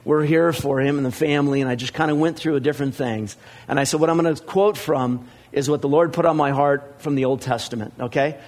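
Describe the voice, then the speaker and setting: A middle-aged man, a pastor, giving a sermon in a conversational storytelling style, with many fillers and animated dialogue. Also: fairly high pitch, brisk.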